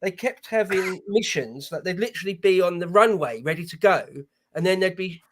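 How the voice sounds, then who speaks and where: A man's voice: high-pitched, lively intonation, brisk, fairly bright tone, a little hiss or hum. A man in a casual panel discussion who speaks eagerly and reads short quotes from books. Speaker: panel guest.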